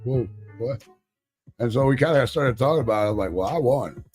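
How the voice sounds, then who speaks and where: A man co-hosting a live talk show, telling a rambling, profane, animated story about winning a raffle. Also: medium pitch, fast, faint music behind. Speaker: podcast co-host. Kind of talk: casual storytelling chat.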